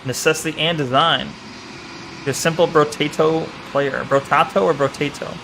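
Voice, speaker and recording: A playful young man commenting as he streams a game. His voice sits fairly high. A faint hum runs behind him. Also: steady tone, moderate pace, gravelly. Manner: playful, chatting to viewers by name. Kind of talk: live gameplay commentary.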